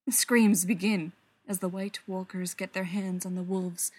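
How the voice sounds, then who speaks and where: Female narrator reading a story aloud, soft delivery that often sinks to a whisper. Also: medium pitch, fairly even intonation, moderate pace, dry recording. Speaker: story reader.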